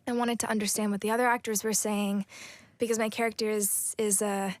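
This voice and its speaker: Young woman, American accent, actress interview, thoughtful, hesitant, monotone, dry close mic. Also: medium pitch, fairly quick, no room sound. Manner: soft-spoken, thoughtful, with many fillers and restarts. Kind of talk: casual interview chat.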